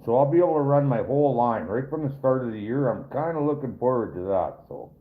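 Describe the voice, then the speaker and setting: Hosting a casual trapper live stream, this man talks expressively at a quick pace in a medium-pitched voice. His chat with viewers is rambling, folksy and full of jokes, heard through tinny, phone-like sound.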